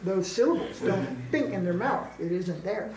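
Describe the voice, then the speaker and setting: In an ashram classroom, a man with a high-pitched, expressive, darkish voice gives an informal spiritual class at normal speed, joking, laughing often and imitating how people chant. The room is echoey, with faint background ambience.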